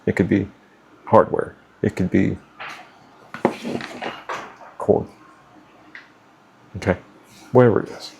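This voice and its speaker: A man's voice: on the low side, fairly even intonation, slow pace, gravelly, pauses often, background noise. A middle-aged man giving blunt, profane life advice off the cuff, stumbling and restarting as he talks. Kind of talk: unscripted talk to camera.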